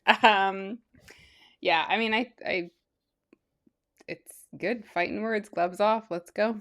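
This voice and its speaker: Woman, podcast co-host, casual chat, frequent laughs, mid pitch. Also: steady tone, slow, a bit bright. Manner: laughs often, lots of filler words.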